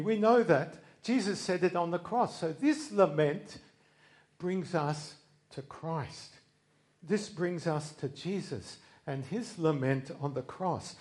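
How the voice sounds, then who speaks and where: Male preacher, sermon, earnest, slow delivery, fairly high voice. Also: lively intonation. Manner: slow, earnest, with dramatic swings in volume on quoted cries.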